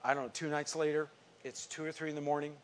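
Fairly high-voiced animated preaching man. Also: fast, clear, resonant tone. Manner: animated storyteller, swings from quiet asides to emphatic outbursts. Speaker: pastor. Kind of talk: sermon with personal storytelling.

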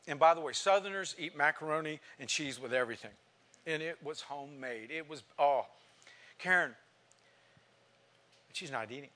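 A man's voice: on the high side, animated, normal speed, long pauses, fairly bright tone. A man preaching a sermon, telling a story and putting questions to the congregation.

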